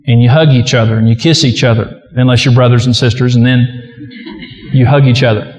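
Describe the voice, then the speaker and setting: A man's voice: medium pitch, steady tone, quick pace. A man preaching a sermon as a pastor, earnest and emphatic, often acting out prayers aloud. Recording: echoey hall with long reverb.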